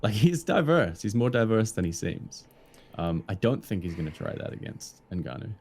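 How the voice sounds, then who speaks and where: A man's voice: fairly low pitch, big pitch swings, normal speed, a little mellow, slight background noise. A man co-hosting a podcast in casual chat, laid-back, often answering with short agreements. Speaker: podcast co-host.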